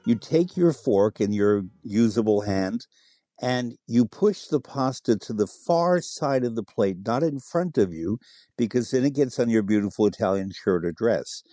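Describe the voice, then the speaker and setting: A man's voice: fairly low pitch, animated, measured pace, dark tone, no room sound, studio quality. A middle-aged man, a food expert guest in a radio interview, who talks animatedly, relishes words and spells out the names of dishes. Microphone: studio microphone.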